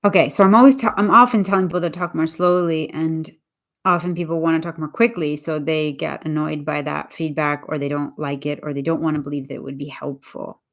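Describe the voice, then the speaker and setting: A woman English teacher talking casually on a livestream, explaining her point in a thoughtful, deliberate way with frequent restarts. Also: low voice, fairly even intonation, a bit bright.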